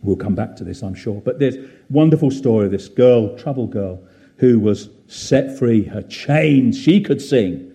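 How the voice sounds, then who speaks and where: A man preaching a gentle, reflective sermon at a church service, with frequent fillers and pauses. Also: medium pitch, lively intonation, gravelly.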